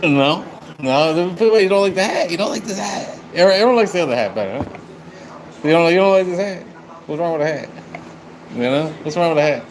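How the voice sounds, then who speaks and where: A man's voice: fairly high pitch, expressive, fast talker. A man chatting on a live stream, rambling and swearing as he talks to his viewers. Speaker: livestreamer. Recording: noisy background.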